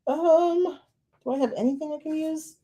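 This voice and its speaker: A woman's voice: high voice, moderate pace, dark tone, slight background noise. A woman hosting a card-making stream, chatting casually and laughing often as she thinks aloud while working. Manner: gushing, openly emotional. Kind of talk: casual crafting demonstration.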